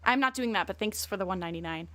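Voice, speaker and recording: A woman's voice: mid-range voice, very fast, bright, forceful tone, dry recording. A woman streamer chatting casually and bluntly, rambling and swearing a lot. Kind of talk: casual livestream chat.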